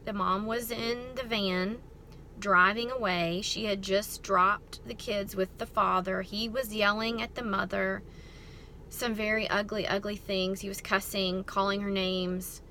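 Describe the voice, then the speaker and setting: A middle-aged woman, hosting a ministry talk and telling a story in a chatty, expressive way. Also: mid-range voice, unhurried, slight background noise. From American South. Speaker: ministry host. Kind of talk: casual storytelling talk to camera.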